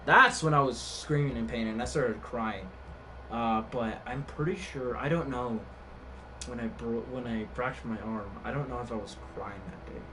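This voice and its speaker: A man's voice: medium pitch, moderate pace, bright, forceful tone. A young man chatting casually on a live game stream, telling a story in a rambling way with many fillers and restarts. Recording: distant mic with background noise.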